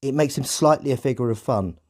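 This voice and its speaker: A man co-hosting a podcast, speaking in a measured, reflective way in casual conversation. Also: mid-range voice, a little mellow. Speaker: podcast co-host.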